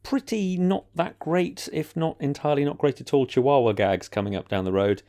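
A man co-hosting a podcast, chatting about a film in an animated, jokey way. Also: on the high side, a little fast. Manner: animated, jokey, does mock quotes. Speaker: podcast co-host. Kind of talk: casual film discussion.

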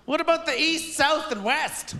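A man's voice: very high voice, moderate pace, bright, forceful tone. A man performing a wry, punchy stand-up set, chuckling through his punchlines on stage at a live taping. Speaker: stand-up comedian. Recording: echoey venue with crowd noise. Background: audience laughter and ambience.

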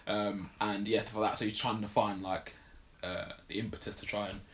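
A man's voice: lowish voice, little pitch movement, a little fast, a bit bright, slight background noise. A man casually recapping a film plot on a podcast, rambling with lots of fillers. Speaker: podcast co-host. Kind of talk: casual film review chat.

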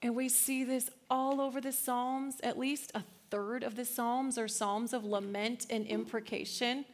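A woman in her thirties giving a casual, slangy church talk, laughing often and swinging from hushed to loud. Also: a little high, fairly even intonation, unhurried. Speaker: speaker at a church gathering.

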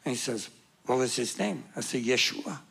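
A man's voice: medium pitch, moderate pace, vocal fry. A man giving a testimony as a guest speaker, acting out the dialogue of his story with humor. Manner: animated, acts out dialogue with humor.

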